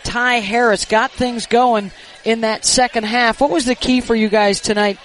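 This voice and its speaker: Woman broadcast reporter, high voice. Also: fairly even intonation, moderate pace, slight background noise. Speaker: sideline reporter. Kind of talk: post-game interview questions.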